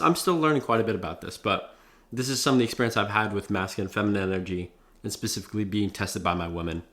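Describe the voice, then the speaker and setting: A man's voice: mid-range voice, a bit bright. A young man vlogging advice in a loose, profane way, heavy on fillers like "like" and "bro.". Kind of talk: casual talking-head advice.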